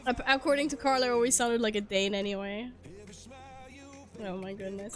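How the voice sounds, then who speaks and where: High-voiced woman streamer. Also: moderate pace, faint music behind. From Sweden. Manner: chatty, swears a lot, laughs often. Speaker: game streamer. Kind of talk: casual stream chat. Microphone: headset.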